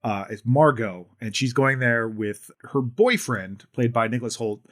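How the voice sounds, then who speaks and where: A man's voice: mid-range voice, lively intonation, measured pace. A man co-hosting a podcast in casual chat, recapping a film in a rambling way, full of restarts. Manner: rambling, with many fillers and restarts. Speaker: podcast co-host.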